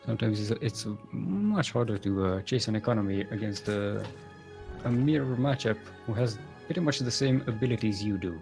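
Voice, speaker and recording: Young male esports caster, animated and goofy, lots of ums, faint music bed. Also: on the low side, moderate pace, vocal fry. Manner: rambling, jokey, many fillers and restarts. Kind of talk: solo live game commentary.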